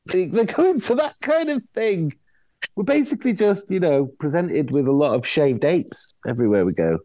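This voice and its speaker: A man's voice: a little high, normal speed, no echo. A middle-aged man, telling anecdotes in casual chat as an actor guest, acting out the voices of people he quotes. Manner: animated storyteller, acts out quoted voices, frequent restarts.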